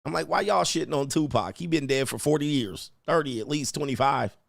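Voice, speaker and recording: A man's voice: fairly high pitch, a little fast, creaky, no room sound, studio quality. A man hosting a casual commentary stream, brash and profane, chuckling often and tagging lines with "all right?". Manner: repeats "all right?" as a verbal tic. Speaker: podcast host.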